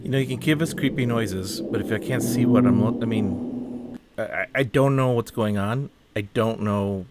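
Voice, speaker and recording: A man's voice: mid-range voice, normal speed, heavy background noise. A man giving casual reaction commentary on a film. He sounds puzzled and exasperated, asks question after question, and often trails off and restarts his sentences.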